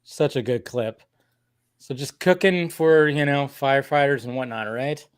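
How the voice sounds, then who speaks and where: A man's voice: medium pitch, unhurried, smooth, no room sound, clean studio sound. A man hosting a casual stream chat, enthusiastic and repeating himself as he gushes. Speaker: stream host.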